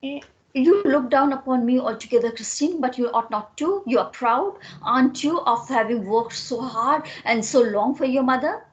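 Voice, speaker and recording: A woman's voice: high voice, moderate pace, muffled recording, lightly acted. A woman with an Indian English accent reading the part of a playful, proud young wife in a teasing tone.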